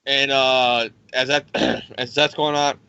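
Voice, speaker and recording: A man's voice: mid-range voice, level tone, takes it slowly, bright, forceful tone, clean tone, highs cut off. A man hosting a comics podcast, recapping a storyline in a profane, sarcastic way and stumbling over restarts. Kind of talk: casual comic recap with put-on voices.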